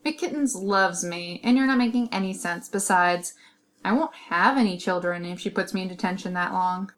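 A woman's voice: fairly low pitch, normal speed, natural voice. A woman voicing a cocky, mischievous teenage schoolboy wizard in an amateur audio drama, with an offhand, teasing delivery.

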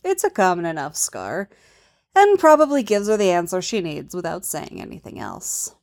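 A woman narrating a romance story in a soft, intimate, unhurried manner. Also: fairly low pitch, wildly swooping pitch.

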